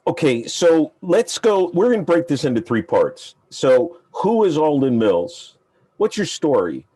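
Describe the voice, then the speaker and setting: A man's voice: a little high, sing-song, measured pace, mellow, breathy edge. Playful male interview host. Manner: playful, teasing questions. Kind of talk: casual interview.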